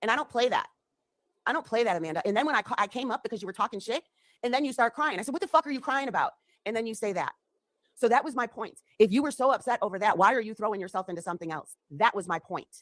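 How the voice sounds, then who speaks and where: A woman's voice: a little high, animated, racing, dry recording. A woman on a livestream, heatedly accusing someone and swearing. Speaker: livestreamer in a clip. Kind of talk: confrontational livestream rant. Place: home.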